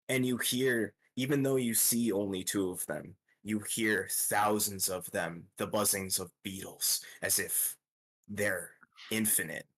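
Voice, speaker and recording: A young man narrating a tabletop game as game master, with many pauses and fillers. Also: lowish voice, a bit bright. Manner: hesitant, lots of ums, slow descriptive pacing.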